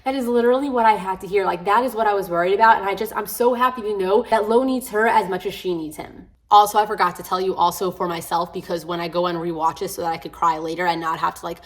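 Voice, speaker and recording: A woman's voice: mid-range voice, steady tone, fast talker, hardly any pauses. A woman book vlogger chatting casually and gushing about a book series, rambling with lots of "like" and the odd swear word. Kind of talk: casual reading vlog chat.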